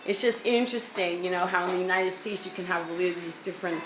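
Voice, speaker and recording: A woman's voice: fairly low pitch, fast talker. A woman with a New York accent chatting casually to her viewers, rambling and earnest. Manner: rambling, earnest, talks about faith and prayer. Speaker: vlogger. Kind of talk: casual chat to camera. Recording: noisy home recording, running water.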